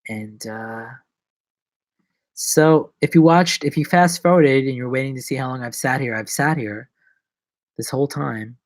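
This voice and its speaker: A young man talking to his viewers on a live stream, joking and wandering from one thought to the next. His voice sits at an ordinary middle pitch, and he swings from loud outbursts down to near-mumbles. The sound is dry and close, with no room around it. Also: a little slow, pauses often, dry recording. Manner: jokey and rambling, swinging between loud bursts and low mumbles. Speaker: actor and vlogger. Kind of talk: casual rambling live-stream chat.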